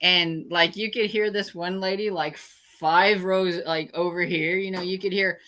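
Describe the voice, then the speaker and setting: A woman in a relaxed online chat shares a story of her own at an easy pace. Her voice sits at a middle pitch and has a bright, crisp edge. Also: unhurried, hardly any pauses. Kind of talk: casual chat on a livestream.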